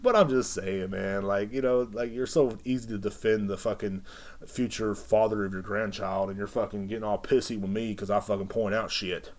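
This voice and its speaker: Brash, profane man, low voice. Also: steady tone, moderate pace. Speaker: podcast host. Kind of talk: casual rant podcast.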